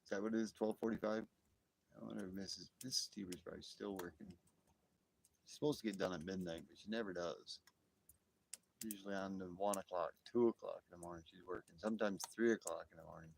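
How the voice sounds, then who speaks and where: A man's voice: low voice, fast, gravelly, slight background noise. A man hosting a casual livestream outdoors by a fire at night, phone in hand, talking in a rambling, exclamatory way with his viewers. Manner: rambling, exclamatory, easily excited. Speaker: livestream host. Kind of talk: casual live chat with viewers.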